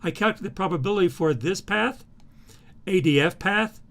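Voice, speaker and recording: Halting male lecturer, slightly high voice. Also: fairly bright tone. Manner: halting, repeats words and fills with uh while navigating files. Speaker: instructor. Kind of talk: recorded screen-share lecture.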